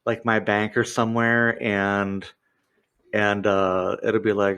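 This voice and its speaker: A man with a Pennsylvania accent, co-hosting a laid-back podcast. His voice sits fairly low. He rambles through his stories with plenty of "like" and "uh.". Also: fairly even intonation, unhurried, fairly bright tone. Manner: rambling, filler-heavy storytelling with laughs. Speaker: podcast co-host. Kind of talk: casual chat.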